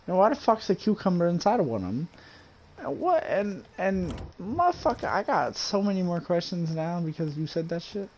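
Lively, exasperated male streamer who swears a lot, with faint hiss. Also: fairly quick, hardly any pauses. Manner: profane and exasperated, swinging up and down in pitch. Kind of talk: casual game-stream chatter.

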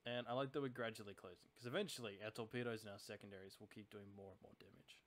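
A man's voice: on the low side, fast. A man hosting his channel, giving casual let's-play commentary and thinking aloud about tactics in a chatty, analytical way. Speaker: channel host playing a naval strategy game.

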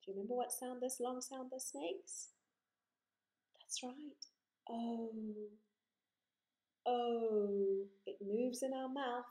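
A woman teaching a phonics lesson to young children, drawing out vowel sounds slowly and praising often. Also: high-pitched, warm tone. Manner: slow, encouraging, exaggerated vowel sounds. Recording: echoey room.

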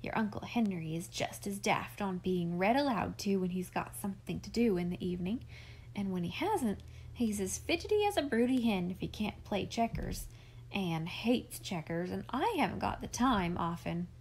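A woman's voice: medium pitch, expressive, moderate pace, a little mellow, husky. A woman voicing a motherly older farm woman, teasing and no-nonsense, in an audiobook. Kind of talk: audiobook character reading.

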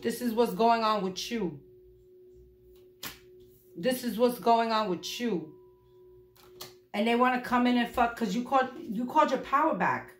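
A woman doing a casual tarot reading for her viewers, blunt, profane and animated. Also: on the high side, a little slow, pauses often, slight background noise. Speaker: tarot reader. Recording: echoey room.

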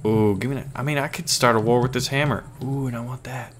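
Talking fast in a steady tone, a man with a mid-range, scratchy voice jokes his way through a game he's playing. He's a gaming channel host, and his let's play commentary stays casual and playful.

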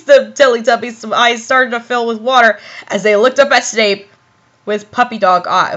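A young woman reads a fan story aloud for comedy, breaking off to giggle and exclaim. Her voice is high and bright. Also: fairly even intonation, moderate pace. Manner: giggly, exclaiming, self-interrupting. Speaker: reader of fan fiction. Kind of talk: comic dramatic reading.

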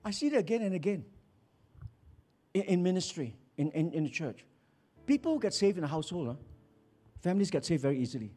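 A man preaching, his slightly husky voice sitting a little high. He tells his stories in an animated way, letting his pitch swing widely. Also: a little fast, pauses often. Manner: storytelling, animated with acted quotes. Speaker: pastor. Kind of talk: sermon.

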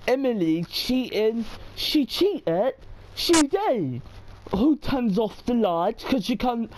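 A woman's voice: fairly high pitch, big pitch swings, slow pace, a little mellow, a little hiss or hum, rough recording. A woman giving horror game commentary, exclaiming and complaining and tacking questioning tags onto her sentences. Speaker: gamer.

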